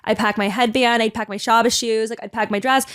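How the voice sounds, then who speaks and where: Fast-talking chatty young woman, dry close mic. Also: on the high side, dry recording. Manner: chatty, animated, full of "like" fillers. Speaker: podcast host. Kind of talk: casual storytelling monologue.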